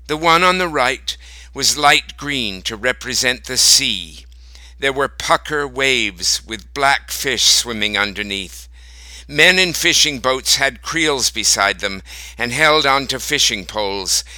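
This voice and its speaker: Male narrator reading a story, slow and deliberate, sharp bright tone, dry close sound. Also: medium pitch, animated, dry recording, low-quality recording. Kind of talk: reading a short story aloud.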